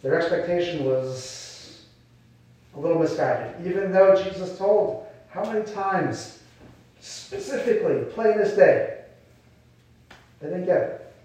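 A man's voice: high voice, expressive, takes it slowly, long pauses, darkish tone. A man preaching a sermon in a conversational way, acting out quoted voices. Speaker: pastor. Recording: echoey hall, mic far off.

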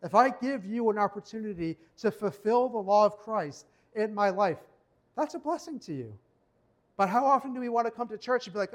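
A male pastor giving a conversational sermon in church, slowing down to read scripture. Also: high voice, lively intonation. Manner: conversational preaching, reads scripture slowly.

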